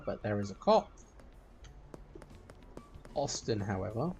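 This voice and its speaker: A man's voice: on the low side, sing-song, slow, long pauses, a little mellow, highs cut off, a little hiss or hum. A man giving a running let's play commentary and chatting to the characters in the game. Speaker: gameplay streamer. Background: game music.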